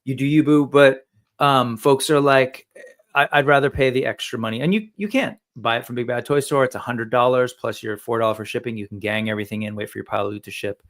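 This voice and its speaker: A man's voice: mid-range voice, steady tone, quick pace. A man hosting a casual livestream chat, rambling and talkative with frequent fillers and self-corrections. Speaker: livestream host. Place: home studio.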